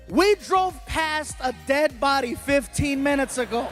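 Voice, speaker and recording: A male stand-up comedian telling a travel story, animated, with loud bursts and exaggerated yelps. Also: very high-pitched, unhurried, few pauses, soft background music.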